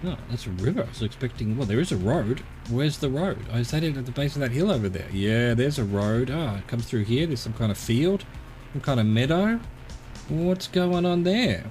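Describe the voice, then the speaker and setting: A man's voice: mid-range voice, animated, normal speed, a little mellow, soft background music. A man streaming a flight game, rambling playfully to himself and chatting to the scenery below. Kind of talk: casual live-stream commentary.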